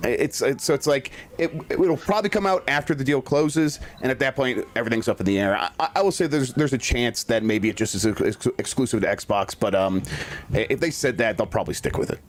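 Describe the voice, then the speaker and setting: A man's voice: mid-range voice, fairly quick. A man speaking as a guest on a casual panel discussion, hesitant, with many fillers and restarts.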